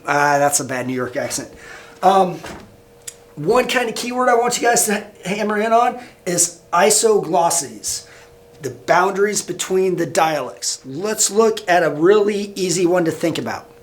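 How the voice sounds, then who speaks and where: A man's voice: high-pitched, animated, measured pace. A man teaching a recorded lesson over slides, with a casual Midwestern American accent and a loose delivery full of fillers. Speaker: high school teacher.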